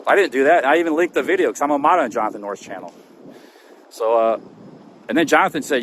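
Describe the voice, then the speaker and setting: A man's voice: on the high side, very animated, quick pace, fairly bright tone, slight background noise. Agitated man stammering in his defense. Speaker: livestreamer. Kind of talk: live walk-and-talk stream. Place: outdoors on city streets.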